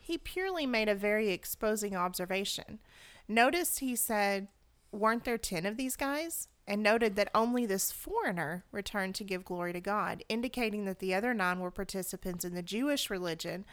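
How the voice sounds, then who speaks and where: Brief: female Bible-study co-host, mid-pitched voice, steady scripture reader. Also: brisk. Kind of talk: reading scripture and commenting.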